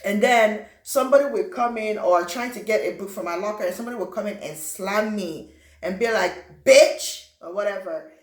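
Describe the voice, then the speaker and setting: A young woman from Africa telling a personal story in a lively way, acting out what people said and adding sound effects. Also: medium pitch, a little fast. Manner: animated, acts out quotes and sound effects. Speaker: vlogger. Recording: roomy echo.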